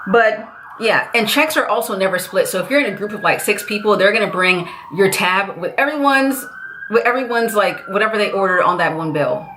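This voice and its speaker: A young woman from the United States, chatting casually to camera with lively, chatty talk that keeps slipping into quoted voices. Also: medium pitch, a little fast, noisy background. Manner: chatty, animated, jumps into voices. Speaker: vlogger.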